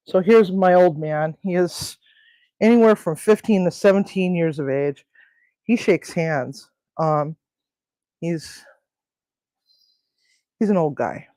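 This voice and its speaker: A woman's voice: deep voice, takes it slowly, long pauses, warm tone, dry recording. Chatty woman cooing at her pets. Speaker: home cooking show host. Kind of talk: casual cooking and pet chat.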